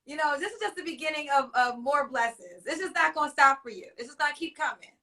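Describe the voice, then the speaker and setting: A woman hosting a live online talk show with a high, bright voice. She talks in an effusive, emotional way. Her mic sits a little distant. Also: lively intonation, fast. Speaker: host.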